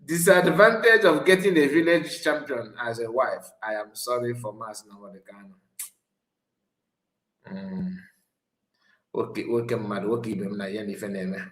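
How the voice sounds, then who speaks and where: A man's voice: mid-range voice, fairly bright tone. Mocking Nigerian man in an echoey room. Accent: Nigerian, Igbo-mixed English. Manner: mocking, laughing, switches between English and Igbo. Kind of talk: mocking casual commentary.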